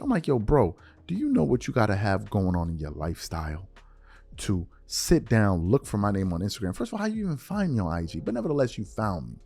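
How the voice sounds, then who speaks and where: A man hosting a podcast, giving a mocking commentary monologue that swings between hushed asides and loud outbursts. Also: lowish voice, big pitch swings, fast talker, faint music behind. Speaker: podcast host.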